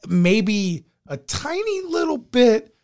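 A man on a podcast, chiming in with teasing questions and quick interjections during casual banter. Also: very high voice, sing-song, darkish tone. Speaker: podcast co-host.

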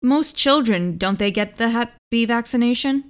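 A woman co-hosting a podcast in casual chat, sarcastic and quick to laugh. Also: fairly high pitch, smooth. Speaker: podcast co-host.

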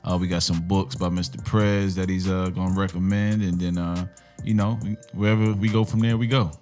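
Deep voiced co-host dude, relaxed, lots of uh's, faint music behind. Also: male voice, fairly quick. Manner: easygoing, rundown with many fillers. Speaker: podcast co-host. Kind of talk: casual podcast chat.

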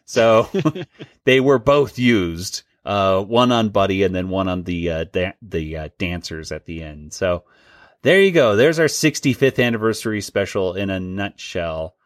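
A man's voice: deep voice, unhurried, dry recording, clean studio sound. A man hosting a casual podcast chat, talking loosely and laughing often. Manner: chatty, laughs often, restarts. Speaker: podcast host.

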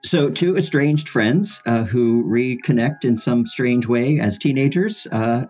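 A man's voice: mid-range voice, unhurried, darkish tone, muffled recording, soft background music. A man who is a pastor, appearing as a podcast guest and chatting in an easygoing, slightly hesitant way. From rural New York. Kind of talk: casual podcast chat.

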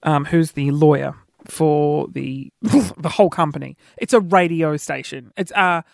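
A man's voice: a little slow, gravelly, dry recording, studio quality. A man telling everyday stories in a casual, self-mocking monologue, acting out what people said. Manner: chatty, self-mocking, acts out quoted dialogue with pitch jumps.

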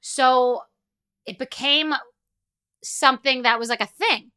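A woman hosts her podcast in a loose, rambling monologue, blunt and liberally profane. Her voice sits a little high and sounds bright and forceful, with a smooth, crisp clarity. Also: slow. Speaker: podcast host. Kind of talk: casual monologue.

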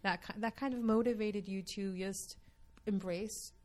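A woman's voice: medium pitch, fairly even intonation, measured pace, a little mellow. A woman interviewer asking long, earnest questions.

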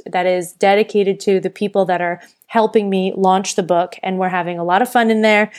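A woman hosting her own podcast with an earnest, encouraging delivery and a middle-pitched voice. She talks straight to her listeners and now and then stops to correct herself mid-thought. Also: a little mellow. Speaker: podcast host and burnout coach. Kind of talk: casual solo podcast talk.

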